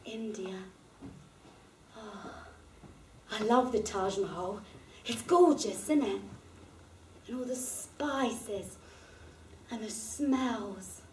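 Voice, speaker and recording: A woman's voice: a little high, extremely slow, pauses often, roomy sound, slight background noise. An actress playing a chatty working-class woman, in a one-woman stage monologue. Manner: gossipy, laughing storyteller. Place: theatre performance space.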